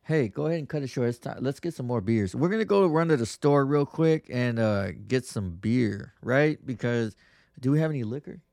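A man's voice: medium pitch, animated, normal speed, creaky, darkish tone, dry recording, studio quality. A man hosting a podcast, telling stories in a crude, rambling way with lots of profane slang. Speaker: podcast host. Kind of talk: casual podcast monologue.

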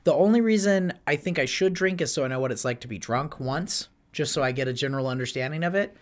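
A man in casual chat, relaxed and laid-back, reacting with quick laughs. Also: on the high side. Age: late 20s or older. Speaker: podcast co-host, tattoo artist.

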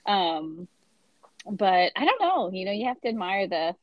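A woman co-hosting a podcast, talking in a relaxed, hesitant way with lots of "like" and "you know". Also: medium pitch, a little slow, no echo, highs cut off. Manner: relaxed, filler-heavy, hesitant. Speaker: podcast co-host. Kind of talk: casual chat, film discussion.

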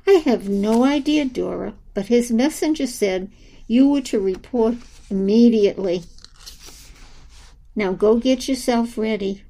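A woman's voice: a little high, a little slow, dark tone. A woman voicing a fussy, motherly female angel who exclaims over the child in her care, in a storybook reading. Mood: urgent. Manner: fussing, exclamatory.

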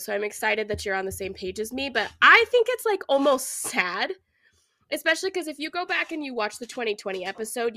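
Bright, chatty woman podcast host. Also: a little high, no room sound. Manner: chatty, many "like"s and "I don't know"s. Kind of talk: casual true crime chat.

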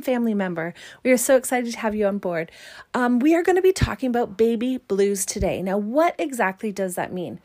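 Upbeat chatty woman podcast host. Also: fairly high pitch. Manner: upbeat, chatty, with frequent fillers and quick laughs. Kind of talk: casual solo podcast talk.

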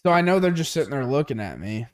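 Co-hosting a podcast in a tea shop, a man tells profane stories in casual chat, acting out the people in them with quoted lines. He talks fast in a mid-range voice.

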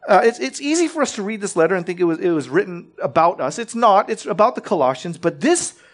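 A man's voice: high-pitched, sing-song, quick pace. A man preaching a sermon in a conversational teaching manner, often checking in with his listeners and restarting his phrases.

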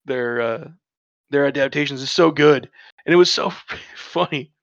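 A man's voice: medium pitch, moderate pace, dry recording. A man co-hosting a casual podcast, reading show summaries aloud and talking enthusiastically, swearing freely. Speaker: podcast co-host. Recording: dull lo-fi dry mic.

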